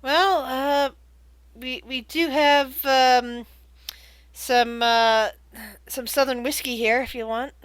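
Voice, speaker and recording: A woman's voice: high-pitched, fairly even intonation, slow pace, a bit bright, no room sound. A woman voicing a friendly female bartender at an inn in a live-streamed tabletop game, speaking in a hesitant, motherly way. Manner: hesitant, motherly, calls people sweetie.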